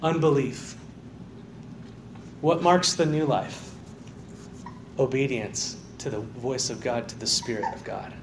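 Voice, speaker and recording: A man preaching a sermon as pastor, dropping to quiet low stresses and rising to loud, fervent calls of "amen". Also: slow pace, long pauses, roomy sound, noisy background. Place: church sanctuary.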